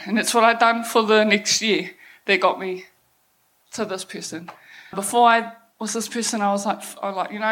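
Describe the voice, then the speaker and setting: Young NZ woman, stage talk, blunt and profane, mid pitch, laughs through the story. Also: fairly bright tone. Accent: New Zealand. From New Zealand. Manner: blunt, swears freely, laughs while telling. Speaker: speaker telling her life story. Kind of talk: candid personal story talk. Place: event stage.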